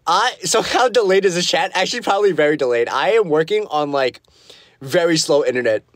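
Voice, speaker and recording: A man with a slightly high, somewhat bright and expressive voice talks a little fast while hosting a relaxed livestream on his phone. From a small foam-lined practice room, with no room sound, he reads out comments and rambles, filling gaps with lots of fillers.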